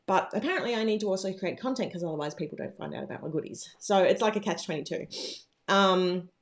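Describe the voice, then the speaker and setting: A planner business owner hosts a casual livestream from home, chatting in a bubbly, rambling way full of fillers. Her voice is lowish, expressive, and fast.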